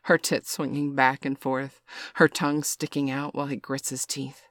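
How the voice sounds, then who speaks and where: A man reading an adult story aloud in a slow, soft, even voice. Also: mid-range voice, no room sound, studio quality. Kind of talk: scripted adult story narration.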